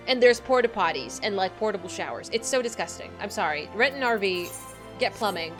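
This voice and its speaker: A woman's voice: mid-range voice, lively intonation, a little fast, music in the background. A young woman streaming a game, chatting casually with valley-girl phrasing, frequent "like" and "literally," and the odd swear word. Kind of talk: casual gaming livestream chat.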